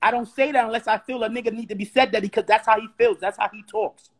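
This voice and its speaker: A man's voice: sits high, fairly even intonation, fast talker. A man, ranting on a live stream and firing rhetorical questions. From Brooklyn, New York. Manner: combative, repeats rhetorical questions. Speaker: host. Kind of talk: heated live-stream rant. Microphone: phone or webcam on a live stream.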